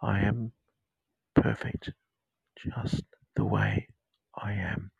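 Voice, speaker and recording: A deep-voiced Australian man guides a meditation in a soft, husky half-whisper, his voice heavy with gravelly fry. He talks slowly and soothingly, close to the microphone in a dry, dead room. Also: dry recording, muffled recording. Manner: slow, soft and soothing, repeating mantras. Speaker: counsellor and podcast host. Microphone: close to the mic.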